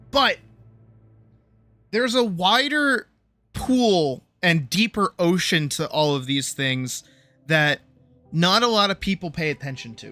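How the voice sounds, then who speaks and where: A streamer on a livestream, ranting hard with a bright, sharp voice. The pitch jumps all over as they go from grumbling to shouting, with swearing throughout. Soft music plays quietly in the background. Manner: profane, heated ranting that swings between mutters and shouts. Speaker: streamer and animator. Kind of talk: casual livestream rant.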